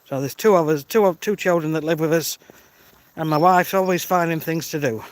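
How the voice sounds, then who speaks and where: On a dawn walk down a village road, a vlogger in his thirties live-streams from the phone he's holding, casually greeting viewers by name. His voice is fairly high and a little fast, with no echo.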